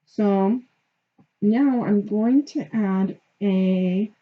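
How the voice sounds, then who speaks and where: Patient woman teacher, slow and husky. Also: mid-range voice. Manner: patient, explaining step by step, checks in with "okay?". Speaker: Spanish teacher. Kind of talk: classroom grammar lesson. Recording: dull lo-fi recording.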